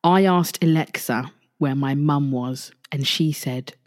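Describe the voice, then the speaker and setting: A young woman with a low voice hosts a casual solo podcast. She talks in a loose, chatty way, doubling back over her words and swearing freely as she goes. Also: slow. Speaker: podcast host.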